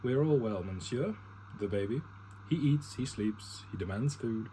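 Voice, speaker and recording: A man's voice: mid-range voice, animated, moderate pace, warm tone, slight background noise, natural voice, poor audio. A man reading a polite tired maid. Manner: plain reading, no French accent.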